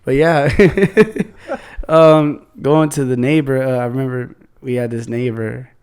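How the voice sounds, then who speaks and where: A man's voice: medium pitch, measured pace, a little mellow, smooth. A young man hosting a podcast in a laid-back, casual way, laughing often and using slang. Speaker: podcast host. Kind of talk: casual chat.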